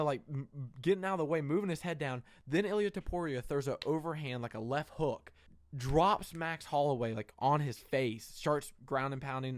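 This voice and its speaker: A young man giving a casual, excited breakdown of a fight, rambling with lots of fillers and the odd curse word. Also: a little high, dry recording, clean studio sound. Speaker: MMA reaction host.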